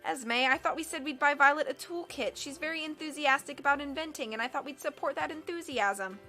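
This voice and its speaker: A woman reading aloud and voicing a mild, meek husband who speaks gently and apologetically. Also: sits high, a little fast, soft background music. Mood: apologetic. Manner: soft-spoken, apologetic. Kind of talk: audiobook character voice.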